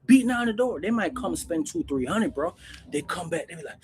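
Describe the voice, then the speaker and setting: A man hosting his own channel, telling stories in a casual, animated, slangy way, calling everyone "bro". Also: on the high side, brisk, a little hiss or hum. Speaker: channel host recounting prison life. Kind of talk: casual storytelling to camera.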